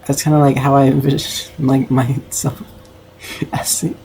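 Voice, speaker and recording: A man's voice: medium pitch, little pitch movement, a little slow, warm tone, slight background noise, poor audio. A young man streaming casually, rambling and self-conscious with lots of filler words. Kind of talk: casual livestream commentary.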